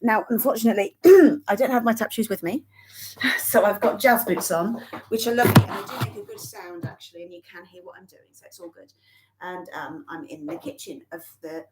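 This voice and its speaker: A woman's voice: medium pitch, brisk, noisy background. Slightly breathless woman teaching dance. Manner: chatty, many ums, self-correcting. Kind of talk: live online dance lesson. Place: kitchen of a small bungalow. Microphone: phone set on the floor. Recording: roomy sound from a distance.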